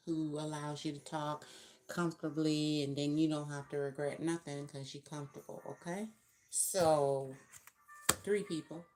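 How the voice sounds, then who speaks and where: A woman's voice: low-pitched, a little mellow. A woman giving a casual tarot reading to viewers, musing and thinking aloud as she counts out cards. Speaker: tarot reader.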